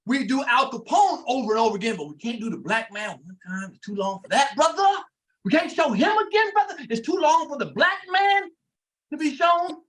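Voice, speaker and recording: Co-host type, man putting on a preachy comedian impression, lively swooping pitch, keeps saying brother. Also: a little fast, heavily acted. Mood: indignant. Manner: preachy, repetitive, calling everyone brother.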